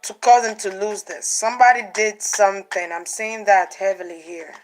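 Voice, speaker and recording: Woman, tarot reader, casual animated delivery, faint clicks in background. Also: mid-range voice, moderate pace, slight background noise, rough recording. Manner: animated, repeats herself, acts out quotes. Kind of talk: casual spiritual card reading.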